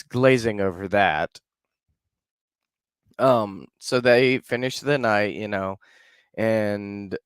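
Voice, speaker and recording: A man's voice: low-pitched, smooth, dry recording, studio quality. A man casually retelling a folk tale as a podcast host, loose and conversational with frequent fillers. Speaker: podcast storyteller. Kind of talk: casual storytelling.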